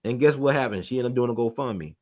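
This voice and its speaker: A man, an interview guest who tells history in a rapid, animated storytelling rush. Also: medium pitch, over a noisy crowd. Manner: rapid, animated storytelling, admits talking fast. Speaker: interview guest, community organizer. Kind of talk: casual conversational interview.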